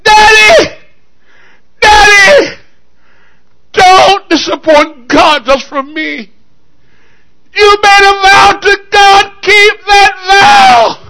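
A preacher acting out a young girl who begs her father through tears and shouts. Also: extremely high pitch, lively intonation, drawn-out words, vocal fry, long pauses, pitched above the performer's own voice, exaggerated voice. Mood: pleading. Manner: crying, shouting, begging.

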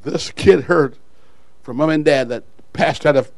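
A male pastor preaching a sermon in an animated way, shouting at some points, dropping low at others and chuckling at his own asides. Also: moderate pace, gravelly, no room sound, rough recording.

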